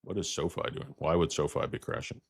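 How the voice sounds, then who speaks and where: A man hosting a stock market livestream, ranting bluntly and profanely while answering chat, with loud outbursts and low muttered asides. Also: brisk, vocal fry, breathy edge, dry recording, clean studio sound.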